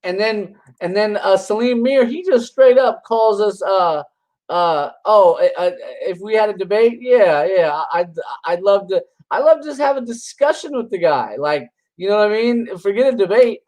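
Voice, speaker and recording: A man's voice: high-pitched, expressive, normal speed, darkish tone, low-quality recording. A man delivers a casual reaction commentary, combative and dismissive. He rambles and restarts his sentences, with scoffing laughs slipping in between his points. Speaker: religious commentator reacting to videos.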